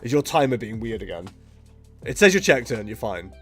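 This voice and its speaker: Male streamer at home, rambling and self-mocking, with a lively, bouncing voice and faint music behind. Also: medium pitch, fairly quick. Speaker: streamer playing a card game. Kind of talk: casual live-stream commentary.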